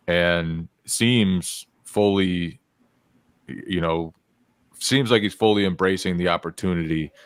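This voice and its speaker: Deep-voiced man, dry podcast chat. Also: clear, resonant tone, dry recording. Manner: measured, thoughtful analysis. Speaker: podcast co-host and beat reporter. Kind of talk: casual sports podcast chat.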